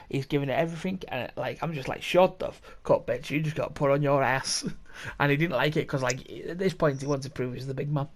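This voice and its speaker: A man's voice: on the high side, a little mellow. A young man hosting a podcast, telling a story in a rambling, sweary way with plenty of laughs and restarts. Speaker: podcast host. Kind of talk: casual storytelling chat.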